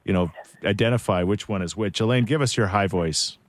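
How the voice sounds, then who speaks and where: A man's voice: fairly low pitch, a little fast, dry recording. A man co-hosting a radio podcast, chatting casually and running a call-in quiz game, playful and often laughing.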